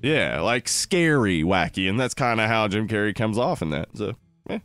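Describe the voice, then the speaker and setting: A man's voice: fairly low pitch, animated, moderate pace, a bit bright, clean tone, no room sound, faint music behind. A man in his thirties co-hosting a podcast, rambling casually about films with lots of "like". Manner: rambling, many "like"s and restarts. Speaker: podcast co-host. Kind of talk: casual film-review chat.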